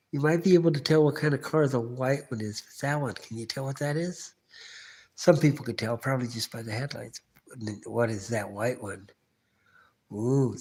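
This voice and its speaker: Guy rambling on a phone livestream in his garage, asks chat stuff nonstop, average pitch. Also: a little mellow. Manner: rambling, talks to absent viewers, asks many questions. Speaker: livestream host. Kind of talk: casual solo livestream. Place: home garage. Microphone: phone camera.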